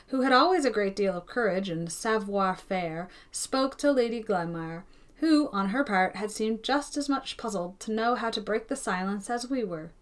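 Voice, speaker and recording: A woman reading a classic novel aloud in an even, gentle storytelling manner. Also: medium pitch. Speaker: narrator of an audiobook. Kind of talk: scripted audiobook narration.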